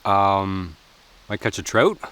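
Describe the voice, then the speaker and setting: A man's voice: low-pitched, animated, slow, a bit bright, clean tone. A man chatting casually while cooking at an outdoor forest camp, joking and laughing often.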